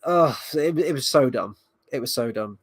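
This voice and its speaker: A man's voice: mid-range voice, normal speed, slightly rough, no room sound, clean studio sound. A man giving a casual spoken review of a TV episode, rambling and sarcastic, swearing now and then. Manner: rambling, sarcastic, swears, mocks scenes in quoted voices. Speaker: video reviewer.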